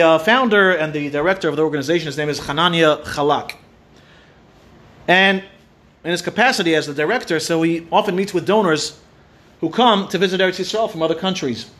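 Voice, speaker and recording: A man's voice: fairly high pitch, fairly bright tone. A man giving an earnest Torah talk, telling a story and mixing in Hebrew and Yiddish terms. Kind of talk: sermon with a story.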